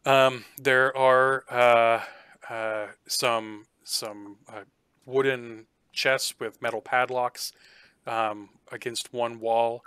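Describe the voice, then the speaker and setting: A man runs a tabletop game, describing each room in halting, filler-heavy narration. His voice is bright and forceful. The sound is close and dry, with no room around it. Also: mid-range voice, fairly even intonation, clear, resonant tone, dry recording. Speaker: game master.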